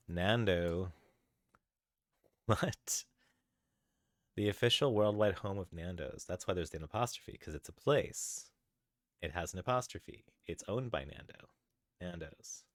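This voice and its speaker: Deep-voiced man chatting on stream. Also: dry recording, studio quality. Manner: easily sidetracked, greets chatters by name; chatty, thinks aloud while searching. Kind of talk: casual live-stream chat while coding.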